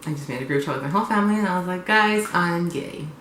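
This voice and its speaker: A young man vlogging casually and bluntly, sarcastic and quick to swear. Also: sits high, fairly bright tone, roomy sound, a little hiss or hum, rough recording. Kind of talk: confessional casual vlog.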